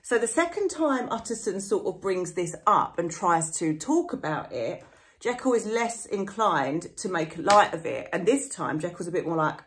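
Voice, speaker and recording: A woman's voice: on the low side, sing-song, moderate pace, a little hiss or hum. A woman literature teacher talking through a novel in a casual, explanatory lesson, with lots of "sort of" hedges. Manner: chatty, full of "sort of" hedges; paraphrases characters in everyday slang.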